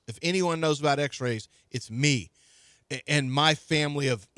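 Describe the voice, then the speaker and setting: Guy on sports radio ranting, kinda high voice, dry close mic. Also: fairly bright tone, no room sound. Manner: indignant, ranting, many restarts. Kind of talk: heated sports talk radio.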